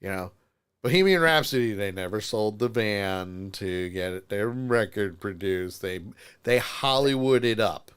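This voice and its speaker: A male podcast host on a live call-in show who talks in a loose, casual way. His pitch rises and falls a lot, and he laughs often. He trips over his words and repeats himself as he goes. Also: measured pace, smooth. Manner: animated, laughs often, stammers restarts.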